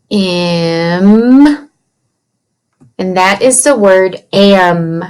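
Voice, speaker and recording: A woman teaching young children a writing lesson from her computer, slowly and patiently sounding out letters and words. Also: medium pitch. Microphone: computer mic.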